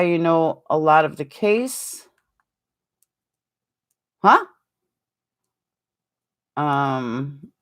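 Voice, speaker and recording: A middle-aged woman talks casually to her stream chat, rambling from one thought to the next. Her voice sits at an ordinary middle pitch. She is animated and full of ums and quick asides. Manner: animated, jumps higher when acting out quotes. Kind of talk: casual live-stream chat, answering viewers.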